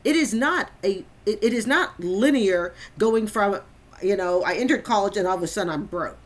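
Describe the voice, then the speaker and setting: A woman's voice: medium pitch, expressive, moderate pace. A woman hosting a reaction commentary, emphatic and repeating phrases for stress. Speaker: host.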